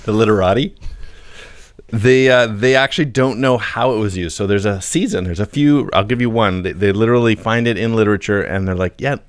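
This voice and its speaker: Low-voiced man chatting on a podcast. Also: fairly quick, smooth, no room sound, clean studio sound. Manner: reads old quotes aloud with playful voices, laughs often. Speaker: podcast co-host. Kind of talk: casual chat.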